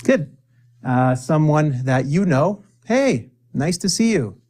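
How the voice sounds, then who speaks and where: A man teaching spoken English, drilling phrases for the viewer to repeat, with deliberate pauses and playful asides. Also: on the high side, expressive, a little mellow.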